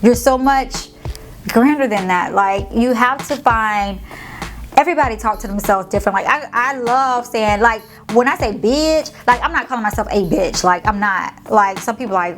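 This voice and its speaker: A woman's voice: on the high side, moderate pace, fairly bright tone, faint music behind. A woman vlogger, giving a sassy, slangy motivational pep talk to her viewers. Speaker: motivational vlogger and podcast host. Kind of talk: casual motivational talk to camera.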